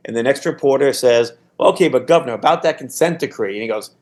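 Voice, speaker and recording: This sixty-something ex-political staffer talks fast in a mid-range, darkish voice. Chatting on a casual podcast, he recounts anecdotes and keeps restarting his sentences.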